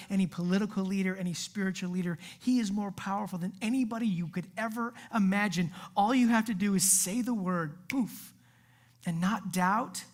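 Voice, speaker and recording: A woman preaching a sermon in a casual, animated way, full of asides and acted-out quotes. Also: mid-range voice. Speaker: youth pastor.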